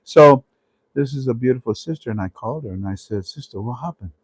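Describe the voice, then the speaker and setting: An emphatic male host talking casually to his audience, repeating himself for effect and laughing often. His voice sits at an everyday pitch. The recording is dry and close. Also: brisk, a little mellow, no room sound. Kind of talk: casual talk show monologue.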